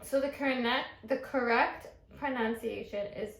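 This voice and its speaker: A woman co-hosting a casual chat, telling lively stories and acting out the lines of others. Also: on the high side, measured pace, vocal fry. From United States. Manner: animated storyteller, acts out quotes. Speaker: podcast co-host. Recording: echoey room.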